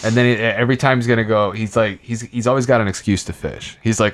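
A man co-hosting a comedy podcast who talks in an animated way, laughs often and swears frequently. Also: medium pitch, normal speed. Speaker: podcast co-host. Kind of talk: casual comedic chat.

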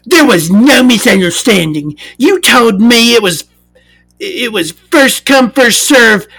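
A woman voicing an entitled, irate middle-aged woman buyer who talks in a shrill, accusing way. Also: lively intonation, takes it slowly, fairly bright tone, breathy edge, exaggerated voice. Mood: outraged.

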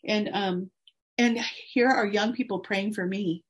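A woman in her forties, a guest in an interview, speaking earnestly and encouragingly about her faith with soft laughs. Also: mid-range voice, steady tone, a little slow, slightly rough.

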